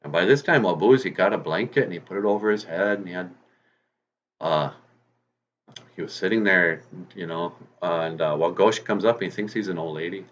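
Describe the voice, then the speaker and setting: A man's voice: sits low, moderate pace, fairly bright tone, lo-fi sound. A man telling a folk tale in a casual, chatty way as host of his own channel, with rambling restarts and asides.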